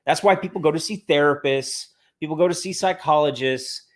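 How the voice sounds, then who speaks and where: Blunt, profane man in casual chat. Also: fairly high pitch. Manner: blunt, profane, talks in quick bursts. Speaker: podcast co-host.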